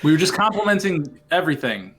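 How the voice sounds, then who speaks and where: A man playing a tabletop game, speaking hesitantly with halting restarts. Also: on the high side, sing-song, a bit bright, soft background music. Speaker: player. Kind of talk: casual tabletop game chat.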